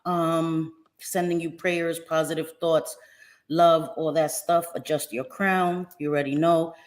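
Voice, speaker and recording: A woman hosting a casual livestream, lively and affectionate, greeting viewers by name with pet names like sweetie pie. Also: low voice, measured pace. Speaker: livestream host. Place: home in New Jersey.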